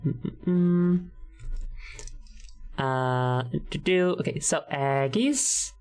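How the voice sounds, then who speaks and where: A woman with a low voice chats casually on a live stream, rambling and giggling as she goes, with plenty of ums and uhs. Music plays clearly behind her. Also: measured pace. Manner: rambling and giggly, many fillers. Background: background music.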